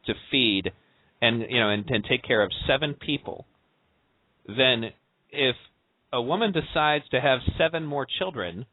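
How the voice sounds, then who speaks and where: A man hosting a casual podcast chat, leaning on filler words and sliding into sarcasm. His voice sits at an ordinary pitch and comes through a dead, dry, phone-line sound with little body. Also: a little slow, no echo. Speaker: podcast host. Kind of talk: casual conversation. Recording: tinny phone-line call.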